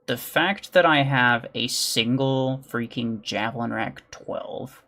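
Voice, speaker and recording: A male gaming streamer talking casually to his live chat. He answers viewers' questions in a loose, offhand way and slips into low mutters while he plays. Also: takes it slowly, bright, forceful tone. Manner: chatty, reads and answers chat, mutters during play. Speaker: gaming livestreamer.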